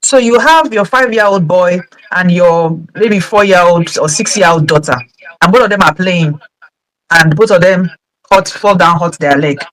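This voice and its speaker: A woman hosting a talk show, setting up questions in a thoughtful, halting way. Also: fairly low pitch, rough recording. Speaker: host.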